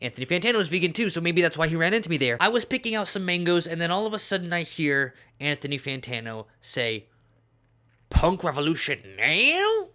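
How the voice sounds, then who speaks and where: A man hosting his comedy vlog, telling a story in a deadpan, self-important tone that plays it mock-serious. His pitch swings widely and animatedly from line to line. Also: quick pace, few pauses, clean tone. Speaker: comedic vlogger.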